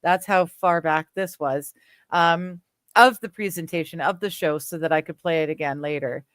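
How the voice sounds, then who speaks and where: Casual streamer woman from Canada, lower-pitched, chatty, smooth tone. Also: steady tone, normal speed, fairly bright tone, dry recording, clean studio sound. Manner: chatty, laughs often, trails off with fillers. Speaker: livestream host. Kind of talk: casual chat reading viewer comments.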